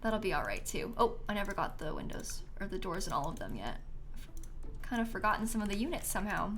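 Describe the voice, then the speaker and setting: Bright, lively woman streamer chatting. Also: medium pitch, quick pace, slight background noise. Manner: chatty and giggly, answers chat. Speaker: streamer building in a life-sim game. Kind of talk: casual live-stream chat.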